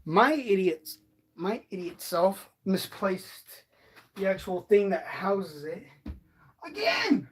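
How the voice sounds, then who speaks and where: An eighteen-year-old man chatting casually from his bed during a livestream unboxing, rambling and excitable, and often poking fun at himself. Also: high-pitched, takes it slowly, breathy edge. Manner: excitable, rambling, self-deprecating. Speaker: toy reviewer streaming.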